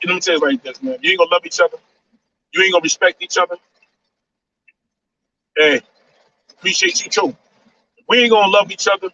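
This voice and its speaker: The speaker is a man in his 40s whose voice sits high with a sharp tone. In a casual live-stream monologue he lectures his viewers, repeating lines and saying "man" a lot, recorded on a dull, distant mic with faint noise.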